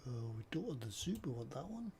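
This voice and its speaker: A scale model builder jokes and rambles at his workbench while working on a model, often straying from the topic. He speaks quickly in a medium-pitched, sing-song voice with a darkish tone, against slight background noise.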